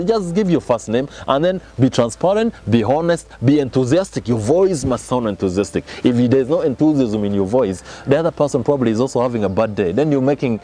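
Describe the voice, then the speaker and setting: A man's voice: medium pitch, animated, a little fast, hardly any pauses, warm tone. A man giving a motivational sales lesson, emphatic and repeating his key phrases as he addresses the audience directly. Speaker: sales trainer.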